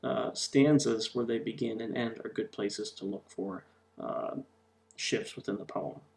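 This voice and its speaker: A man's voice: fairly low pitch, measured pace, creaky, darkish tone. A man teaching a recorded lesson over slides, explaining with frequent ums and uhs.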